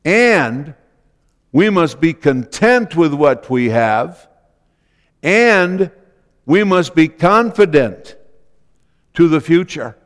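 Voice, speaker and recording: A man preaching a sermon as pastor, slow and deliberate, repeating key phrases for emphasis. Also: a little high, sing-song, long reverb tail.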